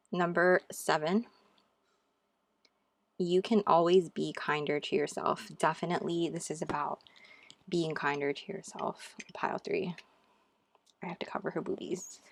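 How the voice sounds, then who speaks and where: A woman giving a pick-a-card tarot reading to her viewers, gushing and encouraging and calling them "you guys.". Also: sits low. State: out of breath. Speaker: tarot reader. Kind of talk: casual tarot reading to camera.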